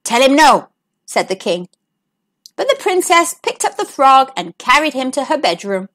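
Animated woman reading a kids' book. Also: high voice, moderate pace. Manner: warm, animated, sing-song. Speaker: children's storyteller. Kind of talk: reading a picture book aloud to children.

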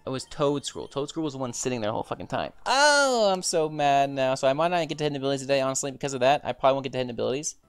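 A young man with a smooth, clear voice commentates his game stream in a steady stream of exasperated swearing and repeated exclamations. Soft background music sits faintly under his talk. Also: medium pitch, racing, few pauses, dry recording. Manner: frustrated, swearing, repetitive exclamations. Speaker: gaming streamer. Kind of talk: reactive gameplay commentary.

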